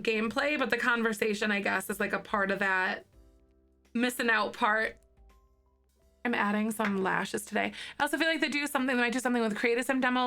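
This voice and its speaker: A woman in her thirties chatting with live viewers in a bubbly, rambling, giggly way. Her voice is slightly hoarse from morning throat. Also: on the high side, sharp tone. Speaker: livestreamer. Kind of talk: casual chat with live viewers.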